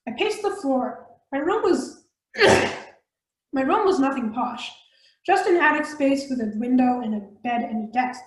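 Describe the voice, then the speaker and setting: A woman reading a novel aloud, often stumbling and correcting herself mid-phrase. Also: on the high side. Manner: reads with frequent stumbles and self-corrections. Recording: roomy echo.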